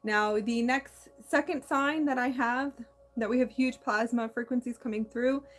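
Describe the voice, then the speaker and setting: A woman hosting a spiritual talk, speaking in a meandering, halting way with many restarts and a slight lisp. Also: fairly high pitch, faint music behind. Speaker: spiritual channel host. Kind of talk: casual spiritual monologue.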